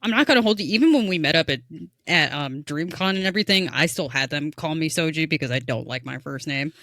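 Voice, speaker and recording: Bright-voiced woman gabbing on a podcast, dry close mic, laughs a lot. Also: low-pitched, animated, fast talker, no echo. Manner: chatty, laughing storyteller. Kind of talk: casual podcast chat.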